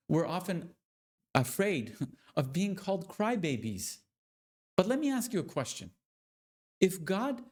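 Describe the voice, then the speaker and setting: A man giving a motivational talk to other men, speaking with slow, deliberate, preacher-like emphasis. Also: on the high side, darkish tone. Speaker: motivational coach.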